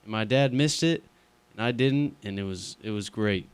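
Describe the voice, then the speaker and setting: Smooth, low-voiced young man. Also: normal speed, no echo. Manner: laid-back, hesitant, heavy on "you know" and "um". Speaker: radio show co-host. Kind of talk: casual sports chat.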